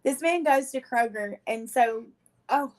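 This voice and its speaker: A woman, a podcast guest telling her own story in casual chat, animated and often laughing as she acts out what people said. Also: a little high, measured pace.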